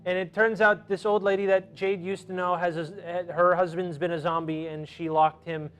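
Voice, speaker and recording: A man co-hosting a casual review chat, animated and acting out characters in quick impressions. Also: high voice, clean tone. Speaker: podcast co-host.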